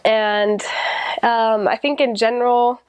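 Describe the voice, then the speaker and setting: A woman's voice: fairly high pitch, fairly even intonation, slow, clean tone, no echo. A young American woman, a returned missionary, recalling her time abroad in casual chat, with many ums and restarts. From United States. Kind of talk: casual personal recollection.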